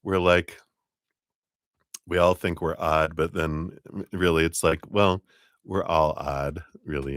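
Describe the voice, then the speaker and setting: A middle-aged man giving a chatty live-stream tarot reading, laughing often as he talks. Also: low-pitched. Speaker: tarot reader.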